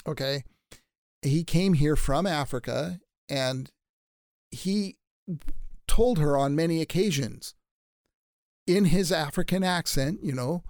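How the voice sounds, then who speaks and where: A man with a somewhat high voice talking emphatically and with strong opinions in casual conversation. The sound is dry and close, with no room echo. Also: takes it slowly, pauses often, darkish tone.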